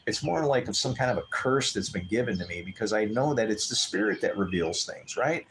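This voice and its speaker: A man's voice: a little fast, slight background noise. Chatty man telling stories on a live stream. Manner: animated, acts out quoted voices with big pitch jumps. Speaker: livestream host. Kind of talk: casual storytelling chat.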